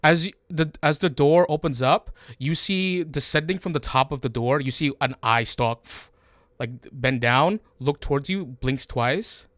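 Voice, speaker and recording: A man's voice: fairly high pitch, a little slow, fairly bright tone, no echo, studio quality. A man narrating a tabletop game as game master, rambling with many fillers and restarts.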